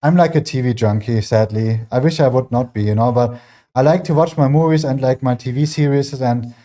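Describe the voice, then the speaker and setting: A man with a German accent, a fitness livestreamer, chats casually while training in his home gym, rambling with many fillers. His voice is mid-range and dark in tone, and he speaks briskly.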